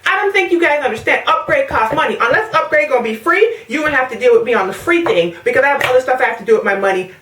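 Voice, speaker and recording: A young woman from the Caribbean vents in a sassy, animated way, her voice a touch high. She sounds set back from the mic, in an echoey room. She is pregnant and chatting casually to her viewers. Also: quick pace, few pauses, far from the mic. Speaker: vlogger. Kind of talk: casual rant to camera.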